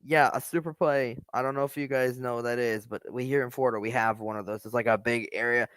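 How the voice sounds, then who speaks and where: A man's voice: mid-range voice, fairly even intonation, quick pace, fairly bright tone, clear, resonant tone, no echo. A man hosting a reaction video, rambling casually and hesitantly about the clip.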